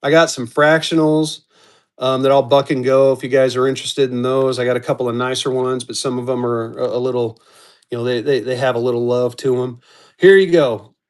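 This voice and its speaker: A man hosting a live-stream auction, chatting casually and calling out bidders as they come in. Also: fairly high pitch. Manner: upbeat, chatty, calls out bidders.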